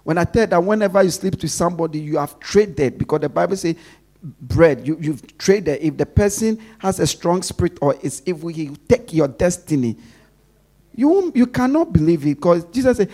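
Emphatic male preacher, somewhat high voice, call-and-response delivery, loud stresses then soft asides. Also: expressive, moderate pace. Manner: call-and-response, leaves questions for the congregation to finish. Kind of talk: sermon.

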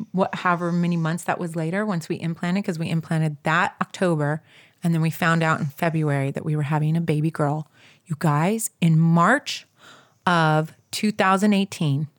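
Chatty woman spilling a personal story to listeners, lively and casual, breezes past details. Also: low voice. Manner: animated, addresses listeners as "you guys"; fills gaps with "da, da, da".

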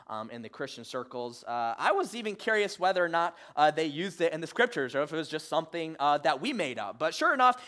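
Halting Midwestern man preaching, fairly high voice. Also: bright, forceful tone. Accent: Midwestern American. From Michigan. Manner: halting, many "uh" fillers, self-deprecating humor. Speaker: pastor. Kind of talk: conversational sermon.

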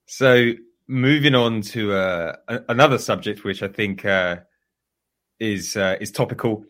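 Male podcast host, lowish voice, steady delivery with fillers. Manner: measured, with hesitations. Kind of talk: casual podcast chat.

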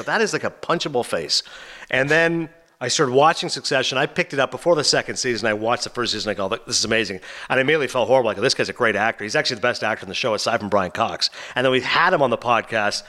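A man hosting a podcast, telling stories quickly and acting out quotes in casual chat. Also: mid-range voice. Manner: fast, animated storytelling with acted-out quotes. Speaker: podcast host.

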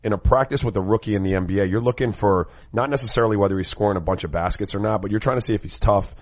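A former basketball player co-hosting a casual sports talk show, keeping the conversation moving. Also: male voice, on the low side, rapid-fire. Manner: conversational, moves the segments along.

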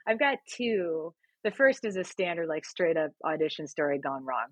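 Guest woman, thirties, husky and dry, animated and laughing as she tells stories. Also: sits low, moderate pace, dry recording. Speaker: guest, singer and actress. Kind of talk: storytelling in a casual interview.

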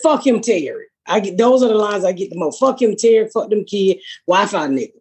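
A woman tells profane, animated stories on a podcast. Her voice is a little husky, and she keeps slipping into other people's voices as she talks. It sounds like easy, casual chat. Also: medium pitch, fairly quick. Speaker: podcast host, comedian.

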